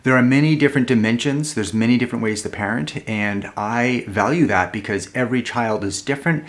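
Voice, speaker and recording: A man hosting a parenting vlog, talking to the camera in an earnest, calm, explanatory way. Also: mid-range voice, brisk. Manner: earnest, calm and explanatory, with a playful mock-angry skit. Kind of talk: casual talk to camera.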